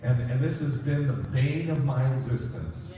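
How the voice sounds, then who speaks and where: A man giving a conversational sermon as a rabbi, self-deprecating and animated, telling stories with quoted asides. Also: mid-range voice, moderate pace, a little hiss or hum. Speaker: rabbi teaching a congregation. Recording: echoey hall from far off.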